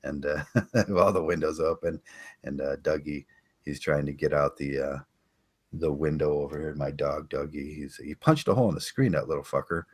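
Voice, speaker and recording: An older man hosting a casual podcast, rambling and chatting with listeners, halting with many fillers and restarts. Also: rumbling low, slightly rough. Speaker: podcast host. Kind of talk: casual live-stream chat.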